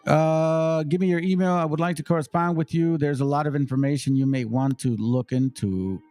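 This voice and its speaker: A man's voice: fairly high pitch, steady tone, moderate pace, dark tone, dry recording. Blunt, preachy man over faint music. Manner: blunt, emphatic, swears, reads scripture aloud in a stately cadence. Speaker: channel host, commentator. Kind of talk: preachy commentary on video clips.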